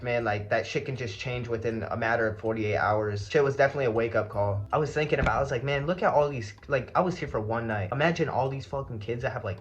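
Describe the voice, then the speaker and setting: A man's voice: mid-range voice, a bit bright, highs cut off. A young man telling a story in a casual, laid-back way, swearing a lot and filling his talk with "like" and "bro". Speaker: vlogger.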